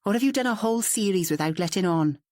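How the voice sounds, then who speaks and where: A woman's voice: mid-range voice, lively intonation, fast talker, darkish tone, no room sound, clean studio sound, natural voice. A woman reading the part of a reserved man who is irritated and exasperated, speaking in clipped replies.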